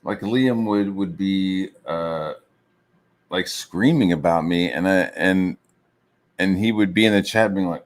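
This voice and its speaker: Low voiced dude rambling and cussing while drawing comics, lots of like and you know. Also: male voice, unhurried. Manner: profane, rambling, heavy on filler words. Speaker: streamer and comic artist. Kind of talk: casual rambling rant.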